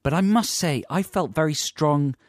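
A man's voice: on the high side, lively intonation, normal speed, no room sound. A man, co-hosting a comedy chat show and telling a long, self-mocking anecdote. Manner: rambling, self-mocking storyteller. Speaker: radio comedy co-host.

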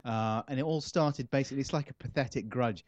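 A man's voice: mid-range voice, brisk, darkish tone, no room sound. Man, comedian guest, casual interview, rambling, self-mocking, muffled dry recording.

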